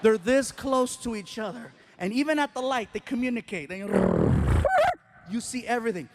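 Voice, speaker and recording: A man doing stand-up before a live audience, telling an animated story and acting out the scenes. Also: extremely high pitch, moderate pace, very noisy. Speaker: stand-up comedian. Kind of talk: stand-up routine.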